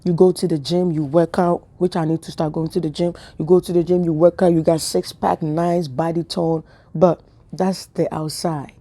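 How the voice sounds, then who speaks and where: A woman's voice: lowish voice, flat delivery, moderate pace, mellow. A woman giving a casual spiritual talk to camera, telling chatty stories with laughs and whispered asides. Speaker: spiritual vlogger.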